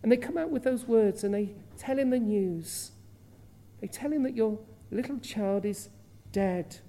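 A woman's voice: on the high side, unhurried, dark tone. A woman preaching an earnest Bible sermon, asking rhetorical questions and acting out the quoted voices with feeling. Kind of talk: expository sermon.

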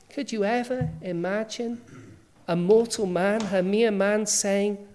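A woman's voice: mid-range voice, a little slow, a little mellow. A woman preacher delivering a sermon, emphatic and full of rhetorical questions.

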